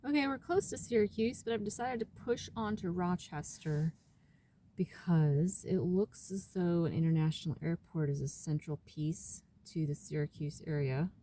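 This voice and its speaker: A woman's voice: lowish voice, normal speed, warm tone, a little hiss or hum. A woman vlogging casually from her camper, talking to herself in a candid, chatty way about cleaning and a road trip. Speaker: van-life vlogger. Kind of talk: casual vlog chat.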